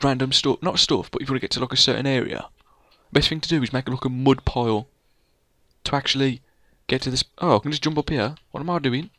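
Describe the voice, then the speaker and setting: A man's voice: medium pitch, no room sound. A man, casually chatting and teasing a friend while playing a building game. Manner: rambling, playful, teasing his co-player. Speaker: let's play gamer. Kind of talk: casual gameplay commentary.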